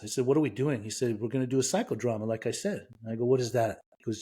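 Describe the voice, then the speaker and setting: A middle-aged man from Iran speaks as a guest on a podcast and tells a personal story. He voices the dialogue of the people in it and lets real emotion into the retelling. His pitch sits in an ordinary middle range. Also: lively intonation, rapid-fire, few pauses, mellow, husky.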